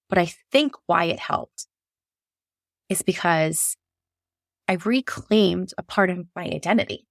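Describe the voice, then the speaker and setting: A woman shares a hard personal story with raw candor, rambling and restarting as feelings surface. Her voice carries a gravelly fry. The sound is close and dry, with no room around it. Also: mid-range voice, no echo. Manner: emotional, frank, rambling with restarts; slips into animated voices when quoting herself. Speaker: podcast guest, labor and delivery nurse.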